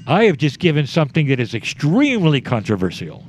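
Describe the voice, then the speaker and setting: Speaking directly to a live audience in short, measured phrases, a man relays a channeled spiritual message. His slightly high voice swoops wildly in pitch, and a little hiss or hum sits in the background.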